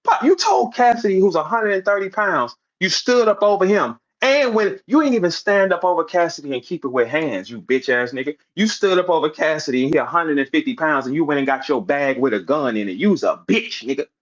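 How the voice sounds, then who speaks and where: A man's voice: fairly high pitch, expressive, brisk, few pauses. Angry man ranting on a muffled stream. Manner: profane, confrontational, mocking impressions of others. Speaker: battle rap personality on a live audio space. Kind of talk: heated rant.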